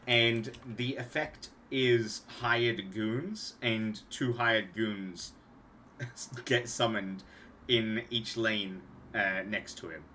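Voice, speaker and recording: A young man chats loosely on a home stream, often trailing off mid-sentence and circling back. His voice sits a little low but has a bright, forward edge. A faint hiss runs under the desk mic. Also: fairly even intonation, extremely slow. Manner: rambling, trailing off and restarting. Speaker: streamer and card game designer. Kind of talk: casual livestream talk.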